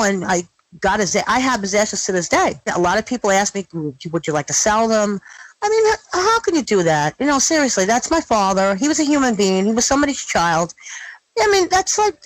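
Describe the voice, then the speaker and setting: Blunt, animated middle-aged woman. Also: fairly high pitch, no echo, rough recording. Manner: blunt, animated, swears freely. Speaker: guest. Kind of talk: candid interview storytelling.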